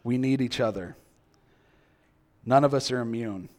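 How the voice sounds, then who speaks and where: A man's voice: medium pitch, unhurried, darkish tone. A male preacher giving a sermon, acting out quoted reactions and asking the listeners many questions.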